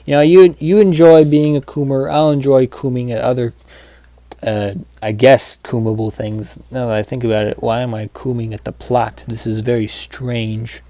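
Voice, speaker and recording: A man giving casual gameplay commentary as he rambles through a story, full of fillers and false starts. His voice sits at a middle pitch. The recording is dry and close, with no room sound. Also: darkish tone, dry recording. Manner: rambling, with many fillers and restarts. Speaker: channel host.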